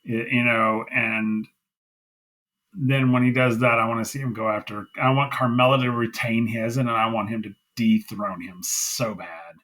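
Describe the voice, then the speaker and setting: Male podcast co-host, bright tense voice, effusive casual chatter. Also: medium pitch, fairly even intonation, normal speed, low-quality recording. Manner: gushing, emphatic, repeats himself. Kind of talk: casual wrestling review chat.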